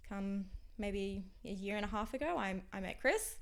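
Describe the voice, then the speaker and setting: A young Australian woman speaking as a podcast guest, talking frankly in halting phrases that sometimes drop to a near whisper. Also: mid-range voice. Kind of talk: candid interview conversation.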